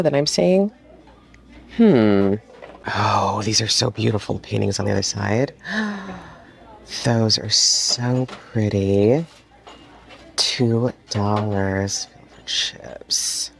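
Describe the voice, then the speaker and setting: This woman's rumbling low voice moves at a slow pace and carries vocal fry. She resells vintage home decor and is chatting casually in a thrifting vlog, recorded on a handheld phone in a thrift store, excitedly gushing and often whispering.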